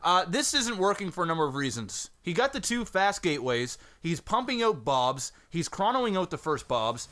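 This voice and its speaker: Lively joking male game caster. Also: high voice, normal speed, hardly any pauses. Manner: joking, laughs a lot. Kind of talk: casual game commentary.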